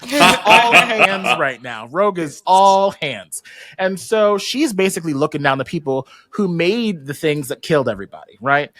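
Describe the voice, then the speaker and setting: Podcast guy with a high voice, dry close mic, retelling the episode like gossip and doing everyone's lines. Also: moderate pace, no echo. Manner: animated storytelling, quoting characters in slangy voices. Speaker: podcast host. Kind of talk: casual recap among friends.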